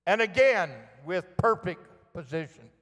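A pastor delivers a sermon at an unhurried pace, his voice sitting a little high for a man. He tells stories and acts out the calls and quoted lines. His words ring out with the long reverb of a church sanctuary. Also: expressive. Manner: storytelling, acts out shouted echoes and quoted voices.

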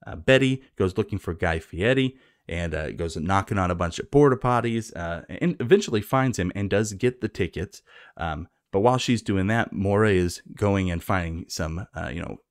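Brief: low-voiced man, sarcastic rambling movie recap, dry close sound. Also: lively intonation, normal speed, no room sound. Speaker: movie reviewer.

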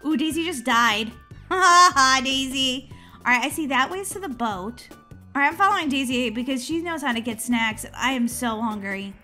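A woman hosting a gaming channel, chatting excitedly through a video game and squealing when she is chased. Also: high voice, moderate pace, faint music behind. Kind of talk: playing a video game with commentary.

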